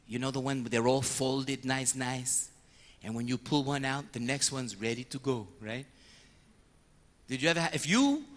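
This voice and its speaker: A man preaching with a bright, forceful tone and a voice that leaps up and down in pitch. He tells his story with energy and acts out little confession scenes. The sound carries a long reverb from a large hall. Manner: animated storyteller, slipping into voices of penitents and priests. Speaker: priest. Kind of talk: lively sermon with acted-out confession dialogues.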